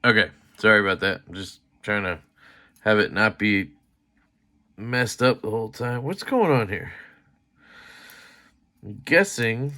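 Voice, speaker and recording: Unhurried and pausing often, this man speaks in a lowish voice that sounds pushed and bright. As a knife reviewer taking apart a knife for a casual vlog, he rambles to viewers while fiddling, grumbling with mild swearing and self-deprecating jokes.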